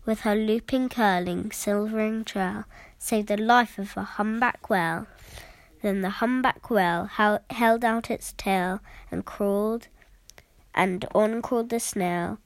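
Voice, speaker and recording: Slow, lilting woman reading a picture book. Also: medium pitch, steady tone, no room sound, rough recording. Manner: slow, lilting rhymed reading with soft whispered passages. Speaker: storyteller. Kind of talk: picture-book read-aloud.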